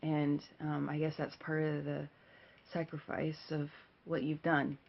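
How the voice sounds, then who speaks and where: A woman's voice: low voice, completely flat delivery, unhurried, creaky, dull audio. A middle-aged woman and mother giving heartfelt thanks, rambling with many fillers. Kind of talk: heartfelt personal message.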